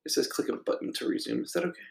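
A man co-hosting a podcast, casually chatting through a TV episode in a relaxed, rambling way with frequent ums. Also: very fast. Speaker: podcast co-host. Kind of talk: casual chat reviewing a TV episode. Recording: echoey room.

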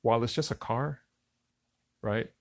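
Gravelly-voiced man telling a story. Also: medium pitch, a little slow, dry recording. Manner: relaxed, conversational, addresses listeners as y'all and fellas. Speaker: podcast host telling a personal story. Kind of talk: casual storytelling.

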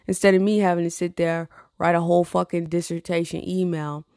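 A tired woman vents in a casual chat, blunt and profane, and rambles between laughs. Her voice sits low and has a gravelly fry. The sound is dry and close. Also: little pitch movement, a little fast, darkish tone, no room sound. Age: adult with a teenage niece. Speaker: vlogger.

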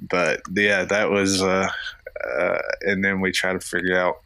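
A man's voice: sits low, flat delivery, measured pace, sharp tone, clear, resonant tone, no echo. A man in his thirties from Florida, co-hosting a podcast and telling rambling family anecdotes with lots of fillers and restarts. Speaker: podcast co-host. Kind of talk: casual storytelling chat.

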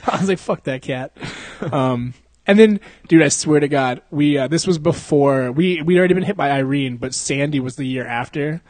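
A young man with a slightly higher voice rambles through crude, profanity-heavy anecdotes in casual chat. He breaks into laughter often. His voice sounds close and dry, with no room sound. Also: moderate pace, a little mellow, no room sound.

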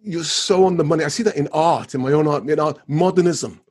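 Husky-voiced earnest man. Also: on the high side, a little fast. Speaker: artist and podcast co-host. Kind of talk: podcast discussion.

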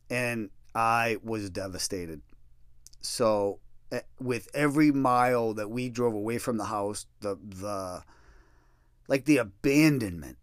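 Middle-aged man, casual storyteller, swears freely, pitch swings widely, dry close sound. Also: a little slow, dry recording. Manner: profane, self-deprecating, animated storytelling.

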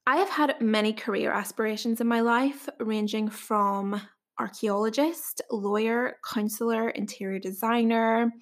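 Northern irish girl in her twenties chatting on her podcast, friendly, speaks real clearly. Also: a little high, steady tone, unhurried. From Northern Ireland. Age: 20s. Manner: chatty and careful to enunciate. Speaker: podcast host and dietitian. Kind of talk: casual solo podcast introduction.

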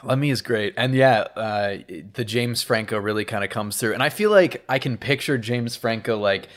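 Male podcast co-host with a relaxed, rambling way of recapping a film. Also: medium pitch, moderate pace. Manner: laid-back, rambling, laughs often. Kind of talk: casual movie recap chat.

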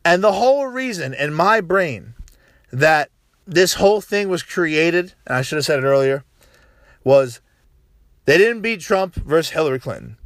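A man delivering a profane, animated political rant, tagging his points with "right?" and restarting sentences. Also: a little high, unhurried, no echo, studio quality. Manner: frequent "right?" tags and restarts. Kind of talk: casual political monologue.

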